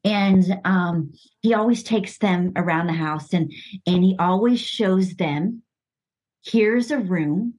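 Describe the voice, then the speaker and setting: Middle-aged woman, podcast guest, husky, unhurried, heartfelt and halting, lots of restarts. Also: on the low side, a little mellow, poor audio. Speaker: coach's wife and podcast guest. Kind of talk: emotional personal storytelling.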